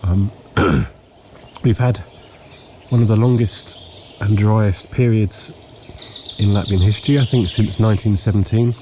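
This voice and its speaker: Guy with hay fever walking around his yard at dawn, sniffly, lots of ums, faint birds and bugs around. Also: lowish voice. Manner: relaxed, unhurried, frequent ums and pauses. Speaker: homestead vlogger. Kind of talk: casual walking tour narration. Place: outdoors in a countryside yard at dawn. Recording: faint outdoor noise with birds. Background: birdsong and insects.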